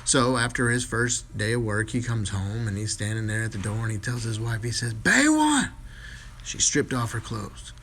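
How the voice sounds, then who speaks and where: A man casually telling a string of jokes in a relaxed storytelling manner, with a few fillers. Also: fairly low pitch, moderate pace, few pauses, a little hiss or hum. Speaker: joke teller.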